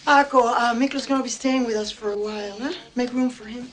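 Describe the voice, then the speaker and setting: A man's voice: very high voice, steady tone, fairly quick, fairly bright tone, voice pushed up. A man voicing a stern, bossy middle-aged aunt who scolds and mixes Spanish into her English. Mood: commanding.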